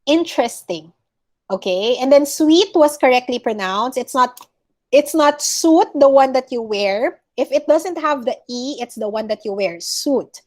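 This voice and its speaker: A woman's voice: sits high, expressive, moderate pace, darkish tone. A woman with a Filipino accent teaching an online class, going through words one by one and correcting how they are pronounced, switching now and then into Tagalog. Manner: corrects word by word, mixes English with Tagalog. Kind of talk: online class pronunciation feedback.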